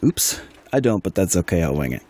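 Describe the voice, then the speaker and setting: Low-voiced, lively man running a tabletop game. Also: brisk, breathy edge. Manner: rambling, chatty, many fillers and asides. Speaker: game master. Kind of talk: narrating a tabletop role-play.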